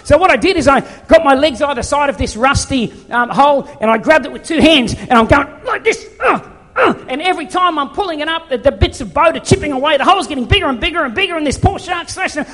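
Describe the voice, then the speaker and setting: A man preaching a sermon, telling a personal story in an animated, self-deprecating way. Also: very high voice, fast. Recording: long reverb of a large hall.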